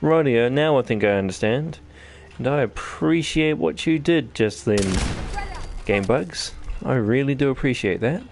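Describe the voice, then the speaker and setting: A man from New Zealand with a New Zealand accent, talking through his gameplay in a rambling, self-deprecating way. His voice sits at a middle pitch with a gravelly, fry-edged texture. Faint game music plays underneath. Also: animated, a little slow. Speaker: gaming channel host. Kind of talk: let's-play commentary.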